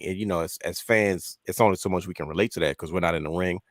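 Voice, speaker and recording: A man talks quickly in a lowish voice, recorded close and dry. He is co-hosting a casual podcast chat. He tells stories with animation and acts out his own reactions as he goes. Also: lively intonation, dry recording. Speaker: podcast co-host.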